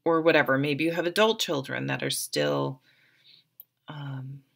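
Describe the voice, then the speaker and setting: Low gravelly woman reading tarot. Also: fairly even intonation, unhurried, a bit bright. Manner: chatty, encouraging, lots of fillers. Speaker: tarot reader. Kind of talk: casual tarot reading to camera.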